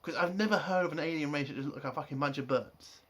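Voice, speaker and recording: A man's voice: fairly high pitch, quick pace, a bit bright, breathy edge. Exasperated, sweary man ranting. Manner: exasperated, swears a lot, rants. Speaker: TV episode reviewer. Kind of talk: casual spoken review.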